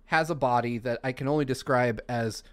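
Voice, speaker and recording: A man's voice: mid-range voice, fairly quick. A man co-hosting a podcast, telling a long funny story in casual chat and laughing through it. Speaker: podcast co-host.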